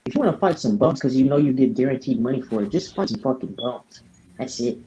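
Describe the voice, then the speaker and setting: A man's voice: medium pitch, animated, fast talker, warm tone. A man venting with frustrated, profane talk as a podcast co-host. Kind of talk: casual podcast chat. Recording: dull lo-fi audio with faint noise.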